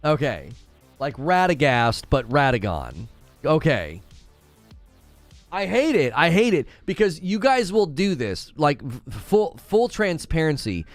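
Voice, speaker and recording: Animated ranting man, lively pitch. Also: measured pace, no room sound, soft background music. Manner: animated, ranting, stumbling over hard names. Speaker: gaming channel host. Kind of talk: casual live-stream chat, reading viewer comments.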